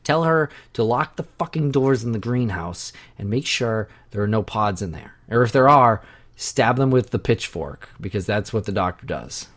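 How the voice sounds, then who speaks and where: Pria host yang bercanda dengan nada hidup. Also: male voice, on the low side, moderate pace. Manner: jokey, mock-panicked, animated. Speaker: podcast host. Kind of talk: casual movie commentary chat.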